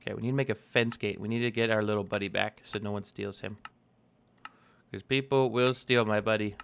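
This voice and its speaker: A man's voice: lowish voice, fairly even intonation, brisk, creaky, fairly bright tone, smooth. Chatty young man doing game commentary. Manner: chatty, talks to in-game animals, playful. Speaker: let's play host. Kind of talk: casual gameplay commentary.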